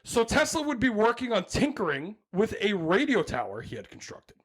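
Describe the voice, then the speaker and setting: A man's voice: high voice, wildly swooping pitch, moderate pace, fairly bright tone, slightly rough. A young man hosting a casual comedy podcast, reading his notes aloud and riffing on them with frequent laughter. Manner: jokey, laughs often, reads notes then riffs. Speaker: podcast host.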